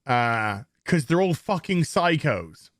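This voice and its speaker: A man's voice: fairly high pitch, very animated, slow, a bit bright, dry recording, studio quality. Sarcastic, swearing Yorkshire man ranting. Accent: Yorkshire English. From England. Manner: sarcastic, profane, mocking impressions. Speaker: TV show reviewer. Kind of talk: ranting review commentary.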